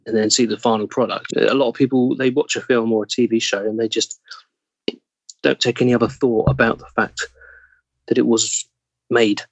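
English male guest: husky, mid-pitched, dead dry close mic, thoughtful and halting. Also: dry recording. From England. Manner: thoughtful, searching for words, trailing off. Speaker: actor, podcast guest. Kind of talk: casual interview chat.

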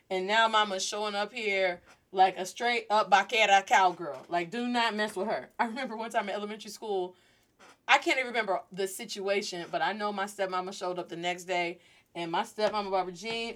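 A woman hosting a lively Spanish lesson, playfully acting out little scenes and drilling words for her class to repeat. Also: medium pitch, fairly quick. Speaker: Spanish teacher and host. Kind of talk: energetic language lesson.

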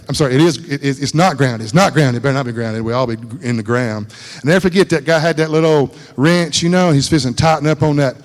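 Folksy man preaching in reverb. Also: on the high side. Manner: folksy, conversational, repeats phrases for emphasis. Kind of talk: informal sermon. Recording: long hall reverb.

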